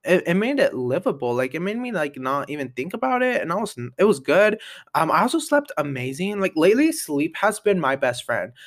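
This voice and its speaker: A man's voice: a little high, fairly bright tone. A young adult man hosting a casual solo podcast, rambling and chatty, full of "like" and restarts. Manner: rambling, chatty, heavy use of "like", many restarts. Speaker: podcast host.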